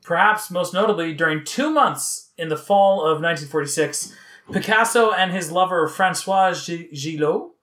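A Canadian man co-hosts a casual music podcast, chatting and reading out researched facts about a band. His voice sits on the high side with a fairly bright tone and a moderate pace.

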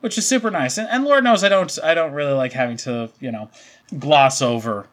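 A man's voice: fairly high pitch, a little fast. A man co-hosting a music podcast with his brother, telling stories in casual chat and acting out quoted lines. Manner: animated storyteller, acts out quotes. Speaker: podcast co-host.

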